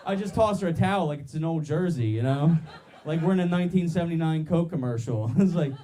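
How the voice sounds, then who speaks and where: A young man doing a stand-up comedy set on a club stage, loud and laughing as he works the crowd. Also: on the high side, fast.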